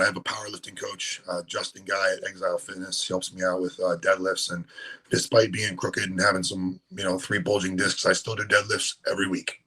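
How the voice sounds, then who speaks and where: A man who coaches bodybuilding, answering interview questions in a relaxed, halting way with frequent ums. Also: sits low, husky, rough recording. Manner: relaxed, hesitant, many ums and restarts.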